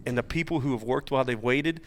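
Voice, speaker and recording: A man coaching baseball, talking on a coaches' panel in a halting, searching way, often repeating words. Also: medium pitch. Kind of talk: casual panel chat.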